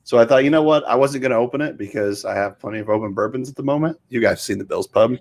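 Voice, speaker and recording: A man's voice: medium pitch, fast talker, creaky, a little mellow. A middle-aged man co-hosting a casual show, chatting in an easygoing, rambling way. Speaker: podcast co-host. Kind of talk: casual chat.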